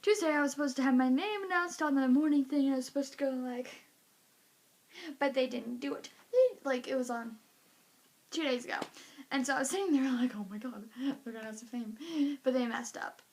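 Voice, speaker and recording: A woman with a high voice tells a story to her camera in a casual vlog. She is animated and acts out each reaction, scattering "like" through her sentences. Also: brisk. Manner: animated, acting out reactions, lots of "like". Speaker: vlogger.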